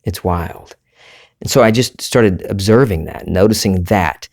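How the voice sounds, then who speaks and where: A man with a Southern US accent, hosting a solo podcast and talking in a relaxed, rambling, conversational way. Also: deep voice, unhurried. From Southern United States. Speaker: podcast host. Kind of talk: reflective solo podcast monologue.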